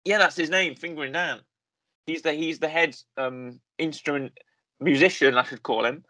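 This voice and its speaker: A man's voice: fairly high pitch, normal speed, sharp tone, no echo. A man co-hosting a podcast in casual chat, rambling and correcting himself often, with lots of fillers. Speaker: podcast co-host. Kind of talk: casual chat reviewing a series.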